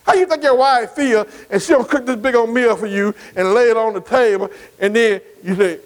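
A man's voice: extremely high pitch, fairly quick, few pauses, poor audio. A man preaching a sermon, folksy and emphatic, often asking the congregation whether they agree. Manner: emphatic preaching with call-and-response questions. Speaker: pastor.

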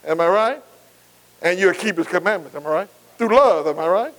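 A man's voice: high voice, animated, normal speed, a bit bright, poor audio. A man. He repeats himself for emphasis and keeps asking the congregation to finish his lines and say they're with him. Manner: call-and-response, asking the congregation to answer; repetitive, emphatic preaching. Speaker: preacher. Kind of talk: sermon.

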